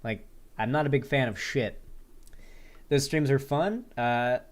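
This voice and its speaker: A man's voice: mid-range voice, unhurried. A male streamer in casual livestream chat, answering viewers aloud in a rambling, sarcastic and profane way.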